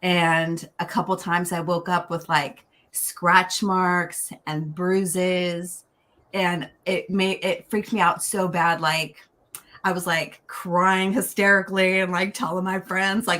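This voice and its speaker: Bright, low-voiced rambling woman. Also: slow. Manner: rambling, filler-heavy, excitable. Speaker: guest on a livestream. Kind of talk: casual storytelling chat.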